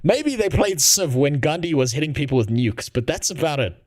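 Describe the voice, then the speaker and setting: A man's voice: fairly high pitch, lively intonation, brisk, darkish tone. Profane, sarcastic male streamer. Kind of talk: casual live-stream commentary.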